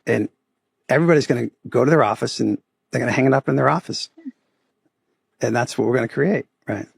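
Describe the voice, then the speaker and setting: A middle-aged man from Boston with a Boston accent, a podcast guest telling stories about his photography business in a casual, animated way, often adding "right?". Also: mid-range voice, fairly quick, creaky, breathy edge, dry recording. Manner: animated storyteller, acts out quoted voices, often adds "right?". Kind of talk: casual interview storytelling.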